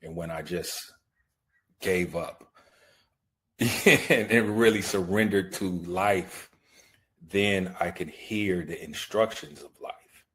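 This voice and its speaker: A man speaking slowly and reflectively as a podcast guest. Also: low-pitched, a bit bright. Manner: slow and reflective. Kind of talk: reflective interview talk.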